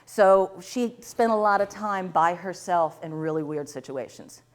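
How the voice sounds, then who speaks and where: A woman at the front of a workshop room, teaching through stories from her sessions with clients. She talks in a lively, animated way, jumping into little character voices for the people in her stories, and laughs often as she goes. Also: lowish voice, unhurried. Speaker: tapping practitioner and teacher. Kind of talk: storytelling to a live class.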